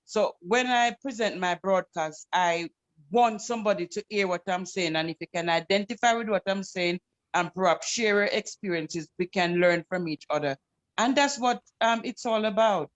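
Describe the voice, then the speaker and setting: A woman from the United Kingdom hosts a casual podcast discussion. She talks in a chatty, meandering way, her voice sitting at an ordinary pitch. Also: normal speed, dull audio. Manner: rambling, chatty.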